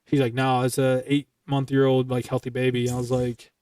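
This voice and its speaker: A young man telling military stories in casual, profane style, bluntly and with lively quoted dialogue. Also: mid-range voice, normal speed, clean tone, dry recording, far from the mic. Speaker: streamer recounting military stories.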